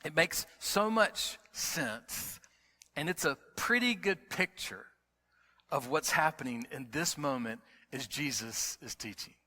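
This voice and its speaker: A middle-aged man preaching a sermon as pastor. He is emphatic, repeats key words, and moves between quiet storytelling and loud preaching. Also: a little high, lively intonation, slow. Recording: long hall reverb.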